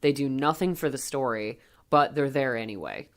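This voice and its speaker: A woman in her thirties co-hosting a podcast, recapping a movie in casual, animated chat and laughing as she talks. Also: extremely low pitch, normal speed. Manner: animated storytelling, laughs while talking. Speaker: podcast co-host.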